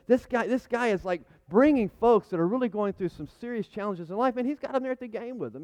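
A man in his thirties preaching a sermon in a conversational, animated way, often repeating his words. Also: high voice, fast, few pauses. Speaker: pastor. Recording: muffled lo-fi sound.

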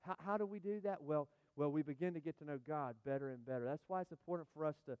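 Emphatic man preaching in a dry, clear voice. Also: fairly high pitch, quick pace, no echo, dull audio. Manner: animated, emphatic preaching with repeated phrases and asides to the congregation. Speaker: pastor. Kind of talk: sermon.

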